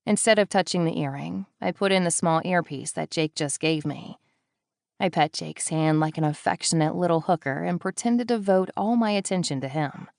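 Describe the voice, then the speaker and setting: A woman narrating a first-person thriller audiobook, with wry, deadpan asides. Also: fairly low pitch, moderate pace, vocal fry, no room sound, studio quality.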